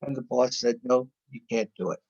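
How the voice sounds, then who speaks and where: A man's voice: medium pitch, moderate pace, dull audio. A man lecturing to students, telling a story from his clinical work and acting out the dialogue as he goes. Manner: animated retelling with quoted dialogue.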